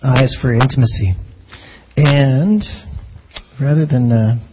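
A man's voice: medium pitch, slow pace, dull audio, slight background noise. A man preaching a sermon as a pastor in a conversational way, often restarting phrases and asking rhetorical questions.

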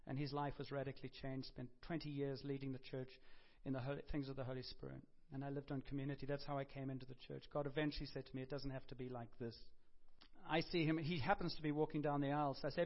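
A man's voice: medium pitch, little pitch movement, fast. A man preaching a sermon, telling stories conversationally with asides, self-corrections and dry humor. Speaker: pastor. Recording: dull lo-fi sound.

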